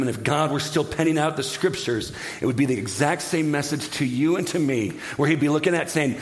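A middle-aged man preaching a sermon as pastor, telling jokey stories in an animated way and dropping to a hushed voice to pray. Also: medium pitch, normal speed. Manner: animated, jokey storytelling that drops to a hushed prayer. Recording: echoey hall.

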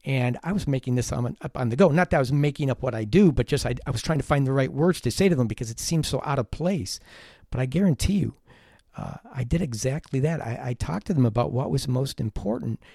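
A middle-aged man hosting a teaching podcast, telling a personal story in an earnest, animated way with self-deprecating humor. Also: medium pitch, fast, gravelly, no echo, clean studio sound. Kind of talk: storytelling monologue.

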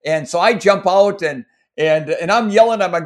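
A man's voice: sits high, moderate pace. A middle-aged man from Minnesota, telling race stories in an interview, rambling with many restarts and getting emotional. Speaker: guest, former marathon runner. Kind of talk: storytelling interview.

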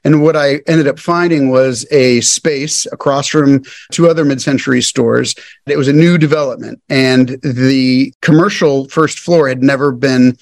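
The voice is gravelly and mid-range, moving at a measured pace in a dry recording. It belongs to a man in his thirties who, as a podcast guest, casually narrates his business story and animatedly acts out the dialogue.

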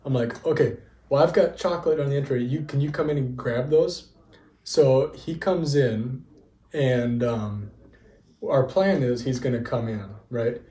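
At a measured pace and mid-range pitch, a young man co-hosts a podcast with casual storytelling. He's lively, laughs frequently and acts out the dialogue. There's an echo in the room.

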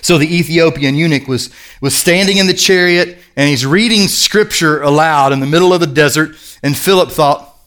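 A man's voice: on the high side, normal speed, fairly bright tone. A middle-aged male pastor preaching a sermon in an earnest, conversational storytelling manner.

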